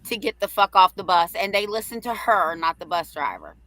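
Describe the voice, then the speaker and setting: A middle-aged woman hosting a livestream, telling a story in a brash, profane, animated way. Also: fairly low pitch, fairly quick, a little hiss or hum, rough recording. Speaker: host.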